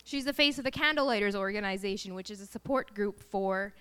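Bright, clear-voiced woman. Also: mid-range voice, brisk. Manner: earnest, emotional storytelling. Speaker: mother sharing her family's story. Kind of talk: personal faith testimony talk.

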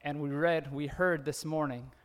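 A man's voice: a little high, steady tone, normal speed. A man preaching a sermon in a conversational way, often laughing and acting out the quoted lines. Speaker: pastor.

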